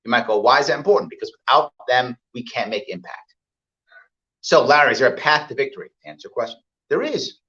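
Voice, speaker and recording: A man's voice: medium pitch, brisk, pushed and bright. A man giving an emphatic campaign stump speech at a voters' event, hammering his points with repetition and acting out what other people say. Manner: emphatic, repeats points, acts out quoted voices. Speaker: political candidate. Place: event hall with live audience. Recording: dull lo-fi event recording.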